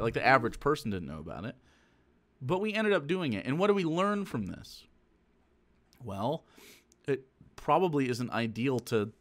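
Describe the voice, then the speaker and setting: A male streamer reacting on his stream, loose and profane, full of "like" and "you know". His pitch leaps around as he gets worked up, swinging from low mutters to sharp high exclamations. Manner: animated, swearing, rambling with many fillers. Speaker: streamer commentator. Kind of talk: casual reaction commentary.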